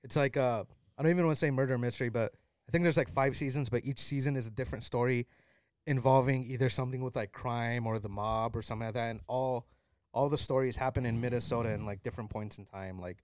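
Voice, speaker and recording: A man hosting a casual chat, quick and excitable, getting loud when he jokes. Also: mid-range voice, smooth, no echo, clean studio sound.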